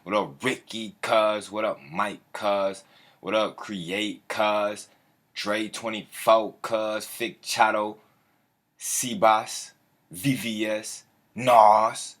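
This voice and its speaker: A man with a fairly low voice hosts a relaxed livestream. He talks in loose slang, cycles through the same catchphrases again and again, and greets his viewers one by one by name. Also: very slow. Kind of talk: casual livestream chat.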